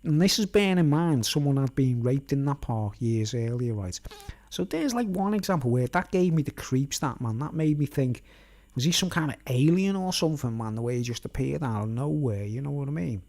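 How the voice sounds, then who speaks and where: Speaking briskly and expressively in a medium, darkish voice, a middle-aged vlogger from Merseyside spins out a long, wandering tale. "Right?" and "you know what I mean?" pop up again and again.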